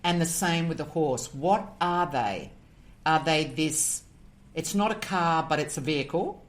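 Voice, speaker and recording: A woman with a fairly low voice talks earnestly as an interview guest. She often poses rhetorical questions and moves into stories. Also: lively intonation, unhurried. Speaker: guest, animal communicator. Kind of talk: interview conversation.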